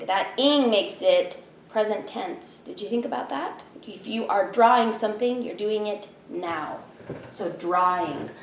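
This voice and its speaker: A woman's voice: mid-range voice, reverberant, a little hiss or hum. A woman teacher in her thirties giving a spelling lesson from home, patiently sounding out each letter.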